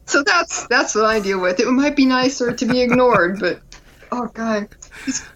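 A woman co-hosting a podcast, telling stories in a chatty, animated way. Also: on the high side, moderate pace, a little hiss or hum, rough recording. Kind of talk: casual chat.

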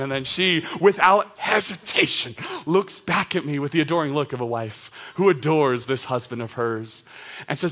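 A man in his thirties preaching a sermon to young adults, conversational and animated, with casual asides. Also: a little high, normal speed.

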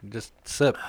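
A man hosting a podcast in casual chat, laid-back and swearing freely. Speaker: podcast host.

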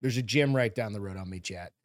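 A man's voice: lowish voice, quick pace, no echo, studio quality. A man co-hosting a podcast, blunt and profane, cracking crude jokes in casual chat. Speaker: podcast co-host.

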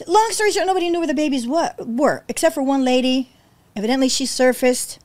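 Woman, high voice, animated storyteller, acts out dialogue, emotional. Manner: acts out quotes with big pitch jumps, emotional, fast restarts. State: near tears. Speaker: podcast guest, rescue founder.

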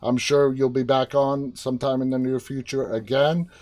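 A man with a mid-pitched voice hosts a casual interview over a video call. He sounds upbeat and keeps things moving toward a quick sign-off. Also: level tone, a little mellow. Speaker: interview host.

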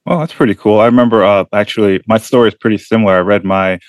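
A young man hosting a podcast interview, casual and joking with deadpan asides. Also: lowish voice, fast talker, no echo. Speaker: podcast host.

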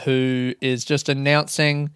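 A man's voice: mid-range voice, level tone, takes it slowly, a bit bright, a little hiss or hum. A young man, a comedian rambling loosely through stories in a sweary, self-mocking way. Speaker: comedian podcast host. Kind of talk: casual rambling monologue.

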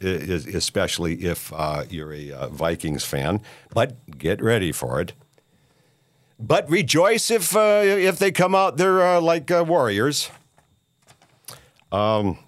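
A man's voice: lowish voice, no room sound. Rambling, scornful man ranting. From Minneapolis, USA. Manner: halting, rambling, many filler sounds and restarts; scornful, combative. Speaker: podcast host. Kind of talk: solo rant monologue.

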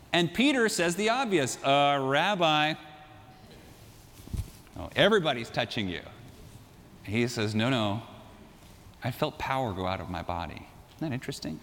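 A man preaching a sermon, telling a story with lively swings between loud and hushed delivery. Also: mid-range voice, in a large hall. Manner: animated storytelling, acting out voices in quotes. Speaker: pastor.

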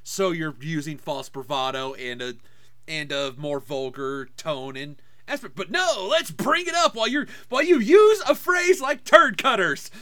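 A man's voice: fairly high pitch, lively intonation, measured pace, pushed and bright, dry recording. A man co-hosting a podcast, chatting casually and ranting in a crass, profane way. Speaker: podcast co-host. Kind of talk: casual banter.

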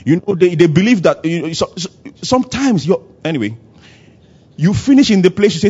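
A man preaching a sermon at a church service, acting out little dialogues and swinging between loud and soft. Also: on the high side, animated, brisk, husky, dull audio. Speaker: pastor.

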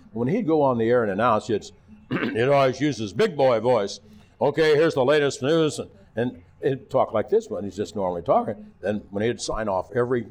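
An older man, a retired TV announcer, telling lively anecdotes in a casual interview and acting out the voices of the people in them. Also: on the low side. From Missouri.

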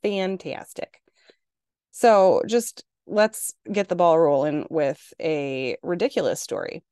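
A woman from Minnesota in her forties, hosting a casual podcast monologue and telling parenting stories in an exasperated, animated way. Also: sits low, slow pace, smooth, no room sound, studio quality. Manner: exasperated, animated storytelling with acted-out quotes. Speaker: podcast host.

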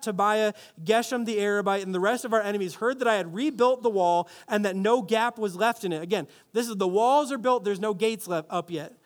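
Man, high voice, pastor, sermon, playful asides, call-and-response.

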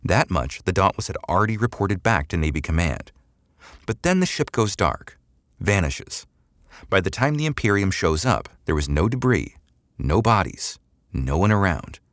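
A man's voice: low voice, sing-song, moderate pace, no echo, studio quality, voice pushed up. A man voicing a cool, glib female imperial agent who interrogates a prisoner in a mock-casual way that turns cold and matter-of-fact. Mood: cold, firm.

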